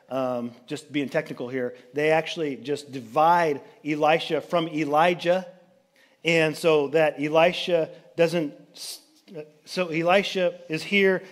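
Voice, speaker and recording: Chatty man preaching a sermon. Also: on the high side. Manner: chatty, jokey retelling with quick asides. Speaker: pastor. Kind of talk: casual storytelling sermon. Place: church sanctuary.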